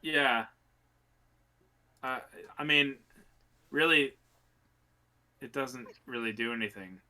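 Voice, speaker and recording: A man's voice: mid-range voice, slow, sharp tone, dry recording. A man co-hosting a podcast in casual chat, chiming in with short, easygoing remarks. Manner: brief agreeing interjections, easygoing. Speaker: podcast co-host.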